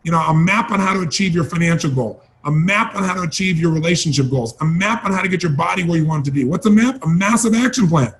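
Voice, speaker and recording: Fast, high-voiced man giving a pep talk. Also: animated, a little hiss or hum. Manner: emphatic, urgent, repeats key phrases. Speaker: motivational speaker. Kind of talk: motivational training talk.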